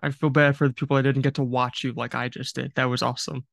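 A man's voice: mid-range voice, flat delivery, quick pace, gravelly, fairly bright tone, no room sound, studio quality. A young man co-hosting a casual podcast, easygoing and joking. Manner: easygoing, apologetic asides, joking. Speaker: podcast co-host. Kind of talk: casual chat.

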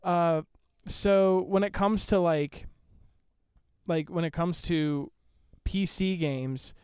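Hesitant young man, clear and dry. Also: high-pitched, steady tone, slow pace, darkish tone, no echo. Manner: hesitant, rambling, many fillers and restarts, swears casually. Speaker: guest. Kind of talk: casual chat.

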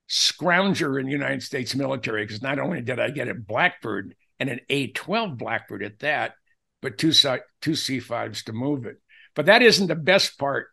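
An older man telling personal anecdotes as a podcast guest, acting out the dialogue he quotes in an animated way. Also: medium pitch, vocal fry. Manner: animated storyteller who acts out quoted dialogue.

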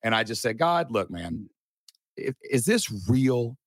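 A middle-aged man telling a personal story in a casual chat, animated and earnest, with a folksy way of talking. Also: medium pitch, measured pace, no room sound, studio quality. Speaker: podcast guest.

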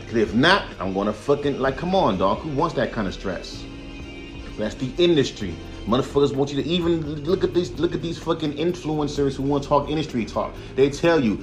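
A man's voice: mid-range voice, lively intonation, a little fast, faint music behind. A young man hosting a solo podcast, ranting heatedly and profanely, sometimes mocking the people he criticizes in put-on voices. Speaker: podcast host.

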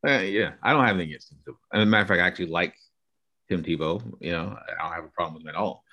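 A man's voice: deep voice, very fast, pushed and bright. A man co-hosting a podcast in casual chat, argumentative and given to spelling out long theories. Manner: argumentative, lays out theories at length. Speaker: podcast co-host.

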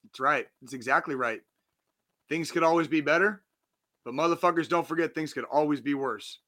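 A man's voice: fairly high pitch, moderate pace, pushed and bright. Blunt, profane man in his forties. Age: 40s. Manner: earnest, reassuring pep talk. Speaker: podcast host. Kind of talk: casual motivational monologue.

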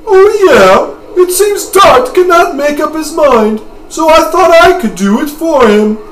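A man's voice: very high voice, expressive, unhurried, fairly bright tone, echoey room, far from the mic, a little hiss or hum, pitched above the performer's own voice, exaggerated voice, low-quality recording. A man voicing a mischievous older male martial artist in a teasing, playful mock British accent.

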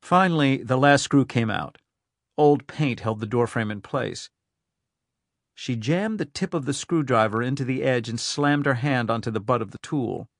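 A man reads a thriller audiobook in a steady, even storytelling voice at an everyday mid pitch. The recording is dry and close, with no room sound. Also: moderate pace, dry recording. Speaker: audiobook narrator. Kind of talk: scripted thriller narration.

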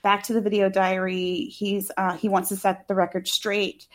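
A woman's voice: medium pitch, flat delivery, normal speed. A woman co-hosting a casual talk show, recapping a movie in a chatty, sarcastic way with lots of fillers and the odd swear. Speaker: podcast co-host.

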